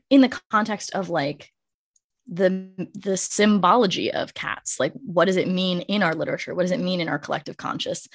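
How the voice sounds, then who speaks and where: A woman in her forties co-hosting a podcast, chatting casually in an animated way, laughing often and swearing freely. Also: medium pitch. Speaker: podcast co-host. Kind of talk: casual chat.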